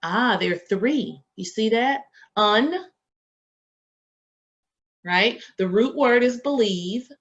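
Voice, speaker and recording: A woman's voice: a little high, expressive, slow pace, long pauses. A woman professor giving a reading lesson to teacher candidates, asking questions and answering them herself. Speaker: education professor. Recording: dull lo-fi lecture recording.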